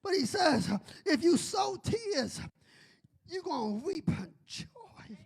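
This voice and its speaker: High-pitched whooping preacher man, gravelly. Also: big pitch swings, takes it slowly, faint music behind. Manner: whooping, shouting preacher who builds to a singsong cry. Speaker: bishop preaching. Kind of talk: sermon.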